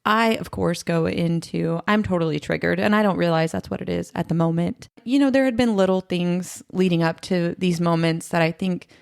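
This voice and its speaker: Female podcast guest, low gravelly voice, candid storytelling, emotional. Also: steady tone, normal speed, few pauses, dry recording, studio quality. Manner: emotional, quotes others in her retelling.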